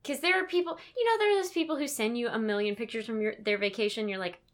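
Wry quipping female podcast co-host. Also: fairly high pitch. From Kansas, United States. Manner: wry, quick deadpan quips. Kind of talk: casual chat.

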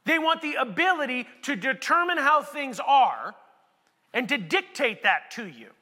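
A male pastor preaching a sermon in a conversational way that builds to emphatic shouts, in a large hall. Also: extremely high pitch, sing-song, a little slow. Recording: echoey hall with long reverb.

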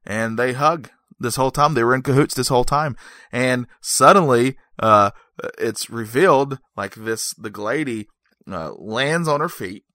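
A man's voice: medium pitch, measured pace, bright, forceful tone, dry recording, studio quality. A man reviewing a movie in a casual, joking monologue, rambling and correcting himself as he goes.

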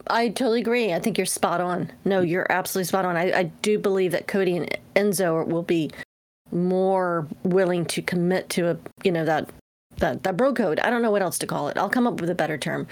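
A woman co-hosting a casual podcast, talkative and quick to laugh, with many fillers. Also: lowish voice, a little mellow. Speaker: podcast co-host. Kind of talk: casual chat.

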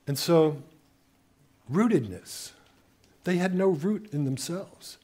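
A man preaching a sermon with passion, telling his own story and acting out quotes in an animated way. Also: on the high side.

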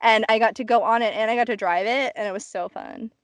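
A woman co-hosting a casual podcast chat, telling stories in an animated way full of fillers. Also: on the high side, fast, no echo. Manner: animated storytelling, filler-heavy, laughing. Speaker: podcast co-host.

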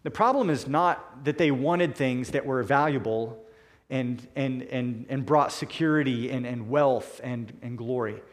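A man preaching a sermon in a deliberate, emphatic way, slowing down to stress key words. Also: medium pitch.

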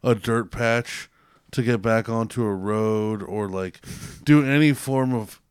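A man's voice: lowish voice, slow, clean tone, no room sound, studio quality. Man in his thirties, rambling podcast storyteller. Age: 30s. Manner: rambling storyteller, slips into a put-on twangy redneck voice. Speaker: podcast host. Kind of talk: casual chat.

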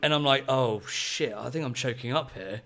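Male podcast host, 30s, mid pitch, excitable rambling storyteller. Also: moderate pace. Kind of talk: casual storytelling chat.

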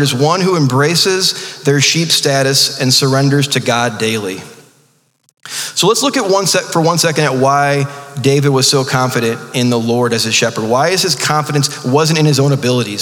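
Male pastor, mid-pitched, casual preaching style with quick jokes and stumbling restarts, long hall reverb. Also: a bit bright. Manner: conversational preaching with joking asides and many restarts. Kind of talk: sermon.

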